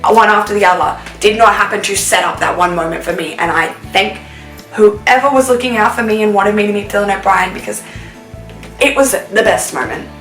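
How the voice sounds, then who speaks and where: A woman's voice: mid-range voice, brisk, fairly bright tone. A young Australian woman telling a storytime vlog in a chatty, filler-heavy way, recorded in a roomy space with faint music. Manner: chatty, breathless, lots of fillers. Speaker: vlogger. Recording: roomy sound, distant mic, faint music.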